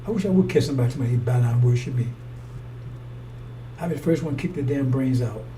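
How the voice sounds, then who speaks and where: A man's voice: medium pitch, quick pace, dark tone. A man preaching a rambling, fiery sermon in a blunt, profane way. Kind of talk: fiery street-style sermon. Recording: distant mic with faint noise.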